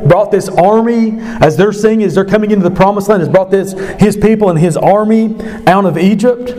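A man's voice: sits high, darkish tone. A man retelling a scripture story to an evening Bible study, conversational and emphatic. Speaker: Bible teacher.

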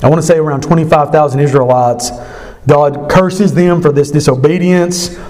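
A man's voice: fairly high pitch, steady tone, normal speed, darkish tone. A man retelling a scripture story to an evening Bible study, conversational and emphatic. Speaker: Bible teacher.

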